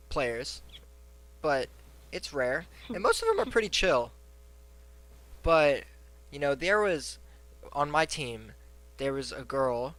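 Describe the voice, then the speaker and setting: A man hosting a casual podcast, telling a story in an animated way and swearing casually. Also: medium pitch. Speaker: podcast host.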